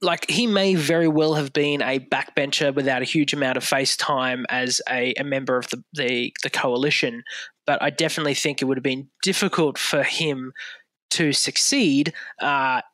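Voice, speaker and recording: A man's voice: medium pitch, steady tone, moderate pace, sharp tone, no echo. An Australian man co-hosting a podcast, hedging and repeating words as he thinks aloud in casual discussion. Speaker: podcast co-host.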